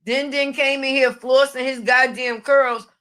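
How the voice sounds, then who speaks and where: Woman, middle-aged, live streamer, casual commentary, brash, profane, frequent laughs, bright forceful voice. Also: high voice, little pitch movement, a little slow.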